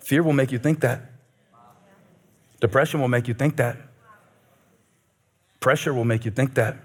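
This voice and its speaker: A man preaching a sermon as pastor, animated and joking, rising to shouts at peaks. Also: mid-range voice, normal speed, slightly rough.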